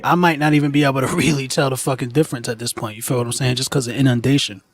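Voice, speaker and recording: Male co-host, lively and profane, mid-pitched, dry sound. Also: racing, dry recording. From United States. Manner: animated, slangy, profane. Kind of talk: casual podcast chat.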